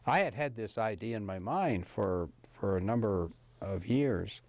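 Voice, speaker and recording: A man's voice: fairly low pitch, animated, measured pace, a little mellow, no echo. An older man, a professor of anesthesiology, recalling his work in a rambling, hesitant interview style with many fillers. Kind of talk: casual interview recollection.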